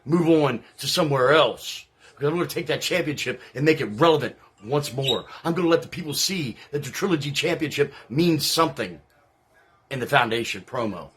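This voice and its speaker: A man playing a salty, husky veteran wrestler. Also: medium pitch, animated, a little fast, fairly bright tone. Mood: scornful. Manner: brash, profane, taunting. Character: salty veteran male wrestler, brash and contemptuous. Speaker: promo wrestler persona. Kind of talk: wrestling trash-talk promo.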